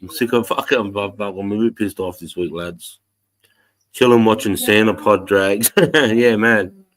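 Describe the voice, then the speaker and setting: Australian man, livestream host, lowish voice, sweary rant. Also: unhurried, a bit bright. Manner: heavy swearing, ranting. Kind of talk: casual livestream chat.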